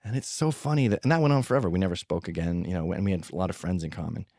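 Low-voiced sardonic man, dry sound. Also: very fast, gravelly, dark tone, no room sound. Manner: profane, sardonic, rambling storytelling. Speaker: podcast host telling stories. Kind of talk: comedic monologue.

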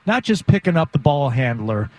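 A man co-hosting sports talk radio, animated and emphatic, with sarcastic rhetorical questions. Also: on the high side, normal speed.

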